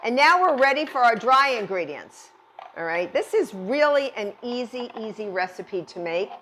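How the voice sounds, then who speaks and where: A woman's voice: fairly high pitch, lively intonation, moderate pace, a bit bright, a little hiss or hum. A middle-aged woman chef giving a cooking demonstration, chatty and reassuring, often repeating words for emphasis.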